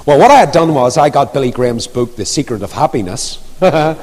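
A man's voice: medium pitch, a little fast. Guy preaching, tells stories, voice swings up and down a lot, big echoey hall. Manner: storytelling, animated, rising and falling emphasis. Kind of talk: sermon. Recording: long reverb of a large hall.

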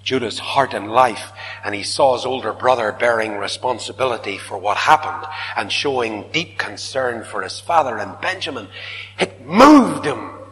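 A man preaching a sermon, swinging dramatically from loud declaiming to hushed whispers. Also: lowish voice, normal speed, hardly any pauses, a little hiss or hum. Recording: reverberant hall.

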